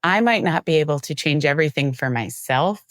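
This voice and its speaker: A woman with a somewhat low voice chats casually as an interview guest. She tells lively stories and brings the dialogue to life as she quotes it. The sound is dry and close to the mic. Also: a little fast, no room sound. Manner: lively storyteller who acts out quoted dialogue. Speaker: marketing executive, guest.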